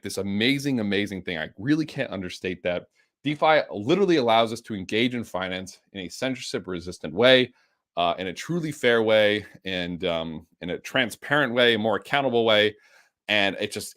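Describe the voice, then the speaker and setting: A man with the hiccups, teaching a live coding lesson with an enthusiastic, energetic way of explaining. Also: lowish voice. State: has the hiccups. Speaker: instructor.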